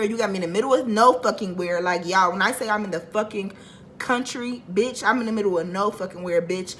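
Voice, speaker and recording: Brief: young woman vlogger, storytime, bright sharp voice, profane, animated, worked-up delivery. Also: mid-range voice, a little fast, slight background noise, poor audio. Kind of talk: storytime vlog.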